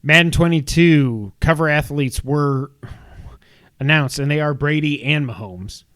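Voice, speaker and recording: A young man co-hosting a casual gaming podcast, running through news items with quick asides. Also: on the high side, a bit bright, dry recording.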